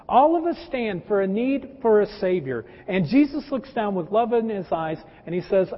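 A man's voice: high-pitched, sing-song, moderate pace, hardly any pauses. A male pastor delivering a conversational sermon, calling his listeners folks and mixing in personal stories and humor. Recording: dull lo-fi with long hall reverb.

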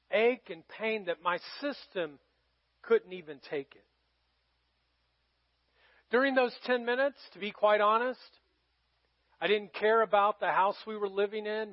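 Male pastor, middle-aged, high-pitched, dry close sound, slightly dull audio, chatty sermon storytelling. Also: no room sound. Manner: conversational, dramatic swings from loud to hushed.

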